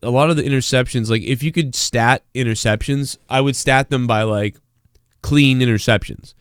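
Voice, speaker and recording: A man's voice: medium pitch, moderate pace, clear, resonant tone, dry recording, clean studio sound. Rambling, swearing man hosting a live stream. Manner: rambling, swears freely, reads chat messages aloud. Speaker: live-stream show host. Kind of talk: casual live-stream chat.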